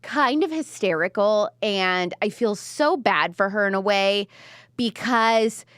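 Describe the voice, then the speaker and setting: A woman's voice: medium pitch, slow pace, a bit bright, clean tone, dry recording, studio quality. A woman in her twenties hosting a political commentary show, talking casually and rambling with lots of "like" and "um". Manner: chatty, rambling, heavy use of "like" and "um".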